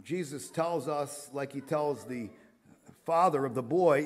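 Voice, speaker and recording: A man's voice: fairly high pitch, a little slow. A middle-aged male pastor preaching a sermon in an earnest, conversational way, with frequent fillers and restarts.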